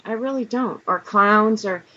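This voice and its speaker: A woman's voice: mid-range voice, unhurried, pushed and bright. A woman hosting a casual interview chat, playful and self-deprecating as she talks. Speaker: podcast host. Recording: muffled audio with background noise.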